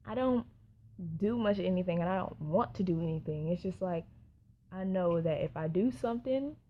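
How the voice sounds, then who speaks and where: A woman's voice: mid-range voice, a little fast. A young woman, telling a personal story in a casual storytime vlog, chatty and full of asides to her viewers. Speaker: vlogger. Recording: dull lo-fi sound.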